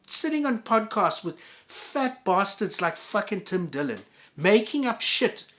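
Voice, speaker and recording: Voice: mid-range voice, very animated, normal speed, hardly any pauses, fairly bright tone. Profane, heated ranting vlogger. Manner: heated, profane, stammering restarts. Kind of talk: angry solo rant to camera.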